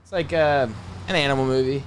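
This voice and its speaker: A man's voice: mid-range voice, fairly even intonation, fairly quick, a crowd in the background. A man in his twenties co-hosting a casual podcast, teasing the guest and laughing often. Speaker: podcast co-host.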